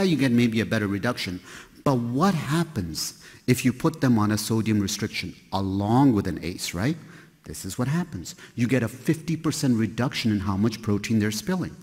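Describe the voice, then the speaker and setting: A male nephrologist lectures a roomful of people in a chatty, joking way, often asking rhetorical questions. His voice is husky, mid-pitched, and rings with the long reverb of a big lecture hall. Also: a little mellow. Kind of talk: conference lecture to a live audience. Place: large hall with an audience.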